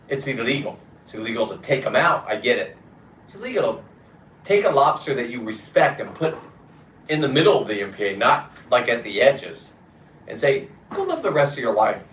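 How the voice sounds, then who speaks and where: A man's voice: medium pitch, fairly bright tone. Blunt, rambling man in a roomy space. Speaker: free diver and vlogger. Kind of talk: casual rambling chat to camera. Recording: roomy echo with faint background noise.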